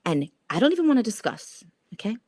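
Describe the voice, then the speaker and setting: A woman's voice: on the high side, fast, breathy edge, no room sound, clean studio sound. A woman hosting a casual stock trading livestream, profane and laughing at herself as she chats with viewers. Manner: profane, laughing, animated and self-mocking. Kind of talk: casual livestream chat reading viewer comments.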